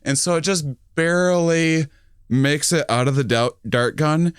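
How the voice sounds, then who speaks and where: Unhurried man telling a funny story. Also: on the high side, clean tone, no room sound, clean studio sound. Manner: rambling anecdote, laughing through it. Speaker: podcast co-host. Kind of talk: comedic storytelling.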